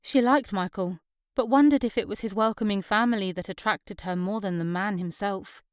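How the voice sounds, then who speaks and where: A woman's voice: mid-range voice, normal speed, no echo, clean studio sound. A woman narrating an audiobook. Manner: gentle storytelling, giving characters light voices. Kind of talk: scripted narration.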